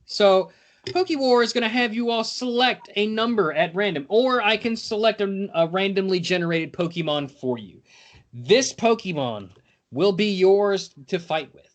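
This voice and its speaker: A man's voice: high-pitched, lively intonation, normal speed. Joking, rambling male podcast host. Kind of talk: casual podcast chat.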